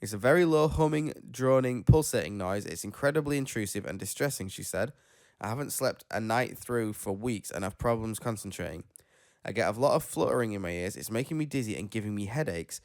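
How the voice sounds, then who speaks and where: A tired man with a lowish voice hosts a casual podcast, reading news stories aloud and wandering off into his own stories. He stumbles over unfamiliar names and laughs at himself. The sound is close and dry, with no room around it. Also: expressive, a little fast, a little mellow, no room sound. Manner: rambling, self-deprecating, stumbles over names. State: tired after being ill. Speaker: podcast host.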